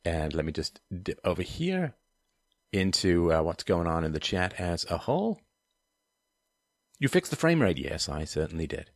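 A deep-voiced man hosts a livestream and reads viewer comments aloud. He rants in a sardonic way, dropping to low mutters and then rising to loud, emphatic bursts. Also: sing-song, normal speed. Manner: ranting, sardonic, swings between low mutters and loud outbursts. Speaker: host of a call-in and live-chat show.

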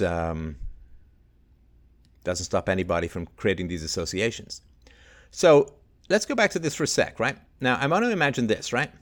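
A man's voice: mid-range voice, a bit bright. A middle-aged man hosting a solo livestream, reading news aloud and picking at it with sarcastic, exasperated rhetorical questions. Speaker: livestream host.

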